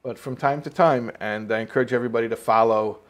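A man's voice: mid-range voice, steady tone, fast. Man telling a story in a rabbi's class. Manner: mixes in Hebrew and Yiddish terms, explains with growing emphasis.

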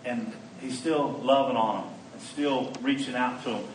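A man giving a storytelling sermon as a conference speaker, animated and acting out the people in his stories. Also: mid-range voice, normal speed. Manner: animated storyteller who acts out quoted lines. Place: conference hall. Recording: echoey hall, mic at a distance, faint background noise.

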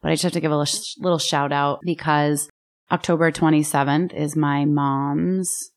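Animated middle-aged woman co-host. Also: low-pitched, moderate pace. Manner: animated, exclaiming reactions. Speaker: podcast co-host. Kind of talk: casual chat.

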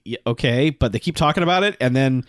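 A man in casual podcast chat about a movie, animated, laughing often and mimicking the characters. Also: medium pitch, fast talker, no echo, studio quality. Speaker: podcast co-host.

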